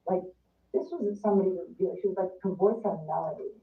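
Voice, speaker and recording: Speaking fast in a lowish voice, a woman being casually interviewed chats her way through a story, peppering it with "like" and performed quotations. Her audio comes across as far-off and echoey, much like a phone call.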